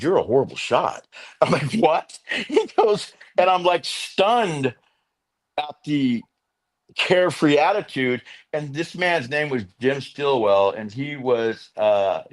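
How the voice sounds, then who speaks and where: A middle-aged man, a veteran and interventionist, telling his recovery story as an interview guest, animated and acting out quotes. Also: medium pitch. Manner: animated storyteller, acts out quotes, fillers like "you know".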